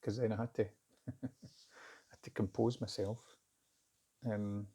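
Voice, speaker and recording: A middle-aged man telling a personal story in a candid, halting, reflective way. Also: fairly low pitch, flat delivery, mellow, husky. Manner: candid, halting, self-searching. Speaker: vlogger recounting a job interview.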